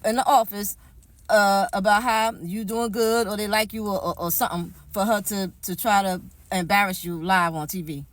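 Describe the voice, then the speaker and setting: A woman's voice: mid-range voice, no room sound. A woman giving casual reaction commentary, chatty and emphatic, repeating her points.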